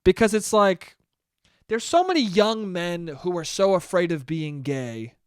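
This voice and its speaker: A young man from New York hosting a solo comedy podcast, riffing with profanity, swinging from loud bursts to mumbled asides and high laughs. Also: animated, unhurried, smooth, no echo, studio quality. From New York (Westchester). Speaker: podcast host.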